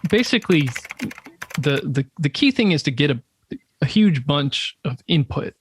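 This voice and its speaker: A man's voice: on the high side, very animated, normal speed, a little hiss or hum. A man from the United States interviewing a guest in a casual chat, talking reflectively and a bit hesitantly as he asks his questions.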